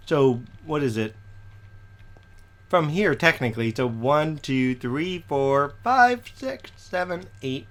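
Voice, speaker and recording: A man, slightly hoarse and recovering from a cough, chatting casually through his gameplay in a rambling way with lots of "okay?" tag questions. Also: fairly high pitch, fairly bright tone. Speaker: Minecraft let's player.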